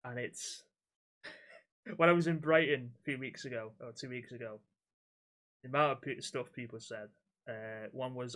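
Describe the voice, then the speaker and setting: A man's voice: mid-range voice, animated, moderate pace, pauses often, fairly bright tone. A young man, a podcast co-host telling blunt, sweary stories from his axe-throwing job in casual chat.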